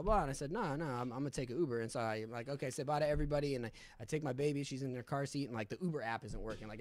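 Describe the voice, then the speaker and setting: A man's voice: medium pitch, no echo. A young man telling a candid story in casual talk, full of swearing and fillers. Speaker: podcast guest.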